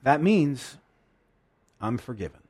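A man's voice: medium pitch, very animated, takes it slowly, a little mellow, breathy edge. A man preaching a sermon in an earnest, emotional way, often restarting his sentences.

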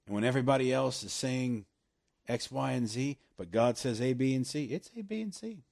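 A man preaching a sermon, animated and laughing often, slowing right down to stress scripture. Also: medium pitch, gravelly.

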